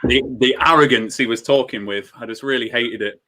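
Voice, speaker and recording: A man's voice: medium pitch, a little fast. A man hosting a live football watchalong, reading out viewer comments and venting about his team's form. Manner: reads out viewer comments, frustrated and animated. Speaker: football fan watchalong host. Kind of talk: casual live watchalong chat.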